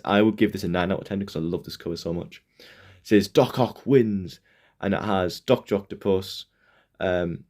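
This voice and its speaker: A man's voice: deep voice, darkish tone. A young man talking casually on his own, rambling and hesitant with many fillers and restarts as he reviews comic covers. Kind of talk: casual solo commentary.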